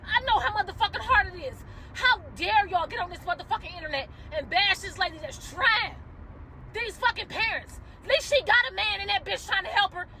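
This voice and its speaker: A woman's voice: very high voice, a little fast, sharp tone, a faint crowd, a little hiss or hum. A woman giving an emotional, profane rant to camera from a car, heated and close to tears. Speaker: commentator reacting to a viral video.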